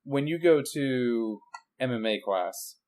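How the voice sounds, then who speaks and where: A man's voice: medium pitch, animated, takes it slowly, a little mellow. A man co-hosting a casual podcast, laid-back, asking questions and walking through martial arts moves step by step. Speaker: podcast co-host. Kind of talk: casual chat.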